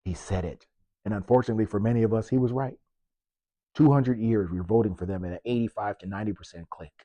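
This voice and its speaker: A man's voice: lowish voice, fast talker, mellow, dry recording. A man who works as a police officer, giving impassioned political commentary with punchy rhetorical questions and sarcasm.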